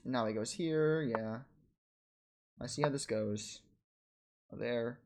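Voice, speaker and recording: A man in a casual chess vlog, narrating his own game in quick bursts and scolding himself for his mistakes. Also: medium pitch, a little mellow. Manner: frustrated, self-critical, talks in quick bursts and trails off. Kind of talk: casual self-commentary over a chess game.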